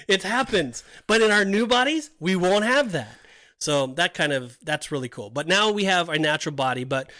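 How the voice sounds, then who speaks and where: A man's voice: high-pitched, lively intonation, normal speed, sharp tone, no room sound. A man co-hosting a podcast, talking through Bible passages in a loose, rambling way with frequent restarts. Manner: rambling, restarts often, explains with scripture references. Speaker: podcast co-host. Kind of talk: casual Bible discussion.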